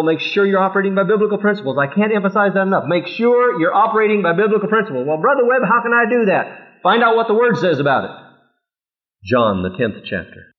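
Preaching man on tinny tape. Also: a little high. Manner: emphatic preaching with rhetorical questions, reading scripture aloud. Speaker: pastor. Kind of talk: sermon.

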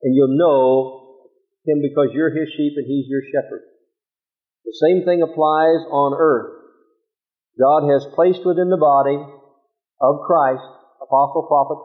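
A man preaching a sermon with a fairly high voice, reading scripture and firing off pointed rhetorical questions. The recording is thin and tinny, like it came down a phone line. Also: steady tone, normal speed, pauses often. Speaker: pastor.

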